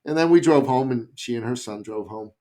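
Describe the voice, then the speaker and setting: A Canadian man, a business coach, telling an anecdote in a podcast interview with lively emphasis. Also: medium pitch, a little fast. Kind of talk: storytelling in an interview.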